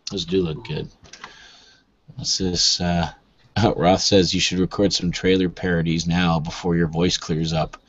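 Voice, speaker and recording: A sick, hoarse man with a gravelly voice, chatting playfully while hosting a live stream. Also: sits low, level tone, a little slow, dull audio. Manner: laughs a lot, playful. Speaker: live commentary host. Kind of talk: casual live-stream chat.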